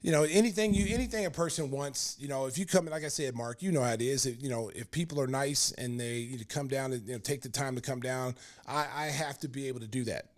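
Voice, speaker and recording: A man in his fifties from Oklahoma, hosting a podcast and telling a story in a rambling, animated way, full of fillers and restarts. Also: mid-range voice, fast, few pauses. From Oklahoma, United States. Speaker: podcast host. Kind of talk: casual storytelling.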